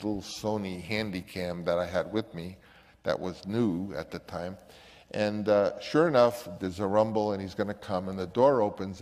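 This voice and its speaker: An older man, a filmmaker, telling an anecdote in an animated way and acting out the voices of others. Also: low voice, in a large hall. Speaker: filmmaker recounting a story. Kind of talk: anecdotal storytelling.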